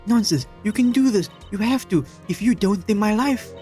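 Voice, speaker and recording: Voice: mid-range voice, normal speed, mellow, soft background music, pitched above the performer's own voice, close to an everyday voice. Player voicing a desperate defense attorney. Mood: urgent. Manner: urgent, coaxing. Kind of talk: reading a fan visual novel aloud.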